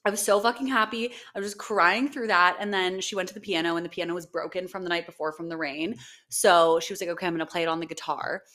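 A woman's voice: lowish voice, fairly even intonation, fast talker, bright, forceful tone. A young woman co-hosting a podcast in casual chat, gushing and swearing freely, with lots of "like" and "um". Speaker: podcast co-host.

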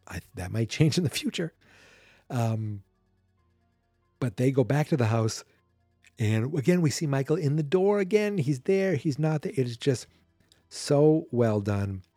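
Mellow-voiced podcast host rambling through a recap. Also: male voice, mid-range voice, animated, measured pace, no echo, clean studio sound, soft background music. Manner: rambling, chatty, self-correcting. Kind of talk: casual movie recap commentary.

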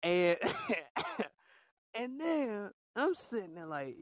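A man's voice: sits high, very animated, very slow, no room sound, studio quality. A young man in casual voice chat, talking in slang and laughing through his words. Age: young adult. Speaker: chat room participant.

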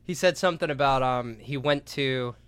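A man co-hosts a casual podcast chat and retells comedy bits with loud, animated quoting and plenty of swearing. His voice is bright and forward, recorded dry and close with no room sound. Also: mid-range voice, normal speed, smooth, no room sound. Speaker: podcast co-host.

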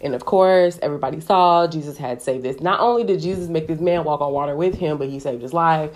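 A woman with a low voice teaching from the Bible in a relaxed, conversational way. She talks animatedly, sprinkling her speech with "like". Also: fairly quick. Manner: chatty, animated, heavy use of "like". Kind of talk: casual devotional teaching.

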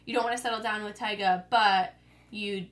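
A woman's voice: mid-range voice, steady tone, normal speed, fairly bright tone. A woman co-hosting a casual TV after-show chat, chatty and giggly. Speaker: co-host.

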